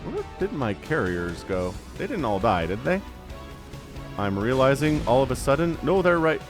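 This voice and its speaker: A man's voice: mid-range voice, moderate pace, soft background music. Chatty man casting a strategy game. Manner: chatty, rambling asides, easily excited. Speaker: esports caster. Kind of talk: solo game commentary.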